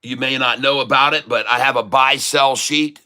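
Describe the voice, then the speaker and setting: A man hosting a live day-trading stream from home, talking loudly and joking as he reads out his buy and sell numbers. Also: medium pitch, steady tone, moderate pace, smooth. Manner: loud, chatty, jokey. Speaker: host.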